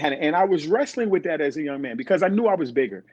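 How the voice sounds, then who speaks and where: A middle-aged man, guesting on a podcast, rattles through casual stories fairly quickly with hardly any pauses, animatedly acting out the voices of those in them. His voice is a little high. The sound is dull and dry, with no room sound.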